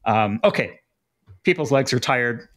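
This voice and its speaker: A man hosting a podcast, joking with his guest in a relaxed way and reading show promos. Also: medium pitch, normal speed. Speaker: podcast host. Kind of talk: casual podcast chat.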